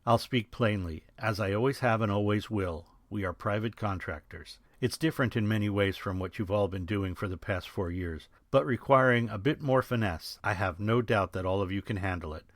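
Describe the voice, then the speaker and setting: A man voicing a gruff, wisecracking older army sergeant who talks bluntly and with authority. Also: lowish voice, normal speed, hardly any pauses, no room sound, studio quality, lightly acted. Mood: gruff commanding.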